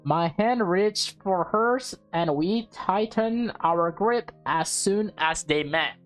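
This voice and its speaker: A woman's voice: lowish voice, lively intonation, slow, faint music behind. A young woman streaming a visual novel, reading it aloud and reacting emotionally with laughs. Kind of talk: casual let's-play reading and reactions.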